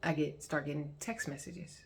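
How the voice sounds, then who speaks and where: Woman, low pitch, casual storyteller, colloquial, laughs a lot, talks to viewers. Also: steady tone, normal speed, vocal fry, slight background noise. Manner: colloquial and chatty, often laughing, addresses viewers directly. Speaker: vlogger sharing her testimony.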